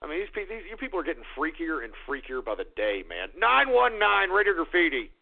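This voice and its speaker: A man's voice: a little high, big pitch swings, brisk, vocal fry, narrow, tinny audio, a crowd in the background. A man hosting a call-in radio show, his voice sped up and chipmunk-like, ranting and swearing at callers. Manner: exasperated, swearing, shouting rants.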